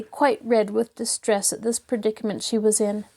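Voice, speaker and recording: A woman narrates a classic novel in a measured, expressive way. Her voice is dark and mellow, at an ordinary pitch for a woman. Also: gravelly. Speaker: host and audiobook narrator. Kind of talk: scripted narration.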